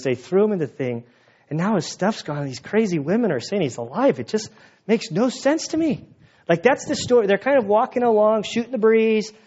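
A man's voice: on the high side, darkish tone, muffled recording. A man preaching a sermon, retelling scripture casually and playfully, acting out lines of dialogue. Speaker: pastor.

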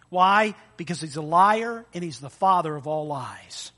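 A man preaching with a high, bright voice. He is animated and playful, acting out small scenes with voices and sound effects as he preaches. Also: a little slow. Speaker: pastor. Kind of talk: sermon.

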